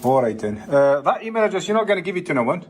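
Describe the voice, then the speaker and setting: A man's voice: fairly high pitch, very animated, slight background noise, low-quality recording. A man from Oxfordshire filming a police encounter, mocking and arguing as he challenges them. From Oxfordshire, England. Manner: mocking, argumentative, quick to challenge. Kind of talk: confrontational street filming.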